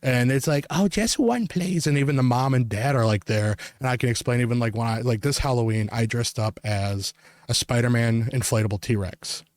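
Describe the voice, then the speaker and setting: A man's voice: mid-range voice, steady tone, fairly quick, no room sound. A man hosting a podcast, telling a rambling story in casual chat, swearing freely and putting on voices to quote kids. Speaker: podcast host.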